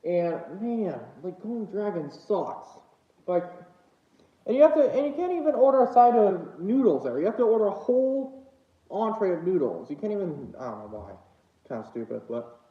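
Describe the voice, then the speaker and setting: Casual livestreamer, male, lively up-and-down delivery, winded and hesitant, echoey lo-fi home room. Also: high voice, moderate pace. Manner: rambling, hesitant, many fillers. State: out of breath. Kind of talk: casual eating livestream chat. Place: home room with dogs nearby. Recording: echoey room, dull lo-fi sound.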